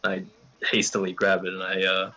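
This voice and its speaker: A man playing a tabletop role-playing game, describing his character's actions in a gruff, swearing manner. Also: deep voice, completely flat delivery, normal speed, pushed and bright. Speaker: player. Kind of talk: casual tabletop role-play.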